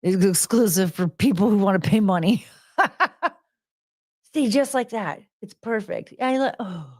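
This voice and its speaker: A woman's voice: medium pitch, unhurried, darkish tone, no room sound, studio quality. Chatty woman cooing at her dogs. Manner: laughs often and trails off mid-sentence. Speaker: streamer hosting her own show. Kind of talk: casual chat with viewers.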